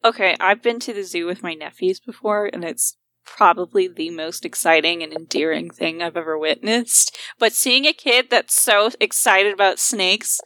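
A young woman in casual chat, excitable and quick to laugh. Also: on the low side.

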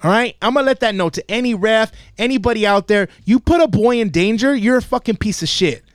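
A man's voice: sits high, a little fast, dry recording, clean studio sound. A man hosting a podcast and telling a profane, comedic story, swearing constantly and acting out the quotes as he goes. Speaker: podcast host and youth football coach. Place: podcast studio.

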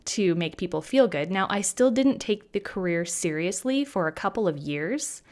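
Animated woman telling a story. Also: medium pitch, moderate pace. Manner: animated, acts out quotes in bright voices. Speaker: hairstylist guest. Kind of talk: casual storytelling chat.

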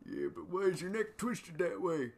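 A man's voice: sits high, expressive, normal speed, vocal fry, darkish tone, full character voice. A man playing a rambling, forgetful old man. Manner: goofy, rambling, easily sidetracked. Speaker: podcast co-host. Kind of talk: improvised comedy sketch.

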